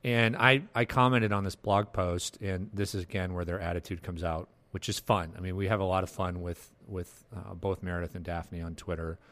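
A man hosting a casual podcast chat, animated and quick to laugh. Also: low voice. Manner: animated, quick to laugh and jump into put-on voices. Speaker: podcast host.

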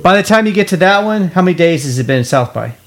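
A man's voice: high-pitched, animated, fast talker. A man hosting a podcast, chatting casually and joking as he asks leading questions. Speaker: podcast host. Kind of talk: casual interview chat.

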